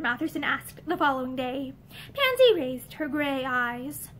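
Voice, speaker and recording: A woman reading a novel aloud in a measured, expressive storytelling manner. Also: sits high, slight background noise. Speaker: reader. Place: indoor room with bookshelves.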